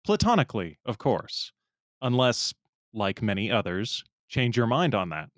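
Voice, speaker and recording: A man reading the part of a pompous, self-important male Discord regular, delivering it earnestly with slowed, drawn-out endings. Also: medium pitch, big pitch swings, a bit bright, dry recording, clean studio sound.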